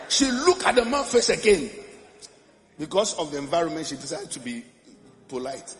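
Animated young preacher, high voice. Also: male voice, moderate pace, long pauses, long reverb tail, slight background noise. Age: young adult. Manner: animated, rising to shouts and song. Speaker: pastor. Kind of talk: storytelling sermon.

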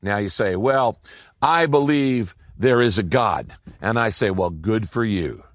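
A male pastor preaching a sermon with a lively, rising and falling voice. He pushes some phrases out in quick bursts and lingers on others. The sound is dry and close. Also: no room sound. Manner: expressive preaching with wide pitch swings and bursts of speed.

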